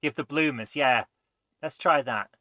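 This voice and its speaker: Male let's play host, bright dry voice, mutters and thinks aloud. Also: mid-range voice, unhurried, no room sound. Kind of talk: gameplay commentary.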